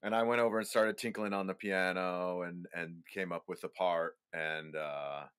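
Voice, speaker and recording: A man, a guest musician on a podcast, telling a story about recording in an animated way, laughing easily and stammering. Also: low-pitched, normal speed, clear, resonant tone, dry recording, studio quality. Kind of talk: casual conversation about music.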